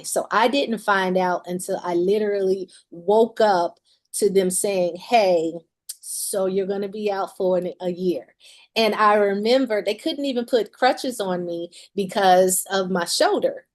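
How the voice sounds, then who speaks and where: A musician and author in her forties candidly shares a personal story in an interview, laughing often as she talks, her voice medium in pitch.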